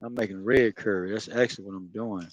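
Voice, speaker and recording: A man's voice: on the low side, steady tone, a little fast, dry recording. A man with a Florida accent chatting loosely while he cooks, rambling, laughing and swearing as he goes. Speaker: home cook. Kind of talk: casual cooking vlog talk.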